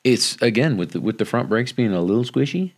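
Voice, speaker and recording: A man's voice: mid-range voice, expressive, brisk. A man in casual chat who chimes in agreeably while talking about riding bikes. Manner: chiming in, agreeable.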